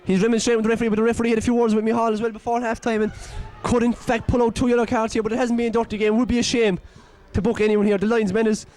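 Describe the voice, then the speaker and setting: An Irish man giving excitable, partisan local commentary on a football match, exclaiming and scolding the players. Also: extremely high pitch, very fast, hardly any pauses.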